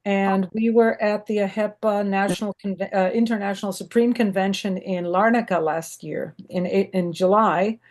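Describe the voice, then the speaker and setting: An American woman, an audience member in an online Q&A, asks a long, rambling question over a video call, enthusiastic and full of fillers. Her medium-pitched voice is steady and a little mellow, moving at a moderate pace with few pauses.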